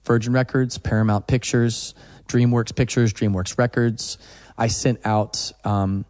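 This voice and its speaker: A man's voice: medium pitch, flat delivery, a little slow, darkish tone, long reverb tail. A man, a musician guest, telling a story in a casual interview and acting out the phone calls he once made.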